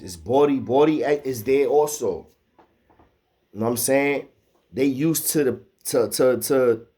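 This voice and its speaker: A man telling a profane, animated street story, acting out the quotes. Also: medium pitch.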